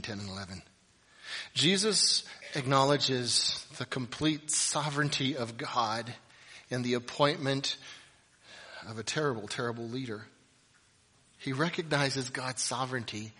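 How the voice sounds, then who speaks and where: A male pastor delivering a sermon, swinging between loud, emphatic passages and quiet, reflective ones. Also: mid-range voice, slightly rough, long reverb tail.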